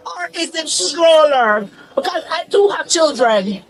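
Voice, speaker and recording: A woman's voice: sits high, lively intonation, unhurried, slight background noise. A woman arguing with police on a bodycam, defiant and dismissive, repeating herself. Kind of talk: heated bodycam confrontation.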